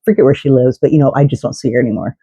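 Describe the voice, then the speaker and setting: Woman vlogging a story, fired up and sweary, lots of restarts, warm voice, dry dull sound. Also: extremely low pitch, racing, breathy edge, dry recording. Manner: indignant, swears, many restarts and asides. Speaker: vlogger telling a fan story. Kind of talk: casual storytelling.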